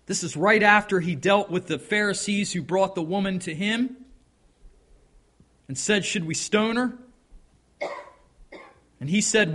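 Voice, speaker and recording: A man preaching a sermon. He reads scripture aloud and mixes in folksy, conversational asides. He swings from loud, emphatic declaiming to quiet remarks. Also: high-pitched, measured pace, pauses often.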